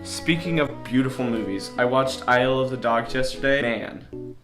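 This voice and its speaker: A man's voice: mid-range voice, moderate pace. Rambling goofy young guy vlogging. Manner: rambling, self-mocking, goofy. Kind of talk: casual chat to camera. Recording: echoey room with guitar music.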